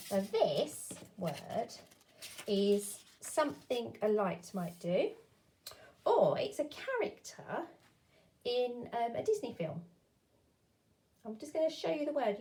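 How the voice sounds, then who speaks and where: A woman teacher leads a phonics lesson for small children, taking her time over every word. She breaks words into their sounds with careful, clear speech and coaxes the children to say them with her. Her pitch sits in an ordinary middle range. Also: mellow.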